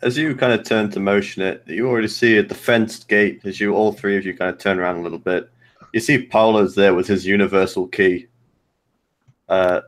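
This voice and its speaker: Low-ish guy dm'ing, describing the scene kinda loose. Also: fairly even intonation, a little fast. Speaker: game master. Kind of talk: narrating a tabletop game.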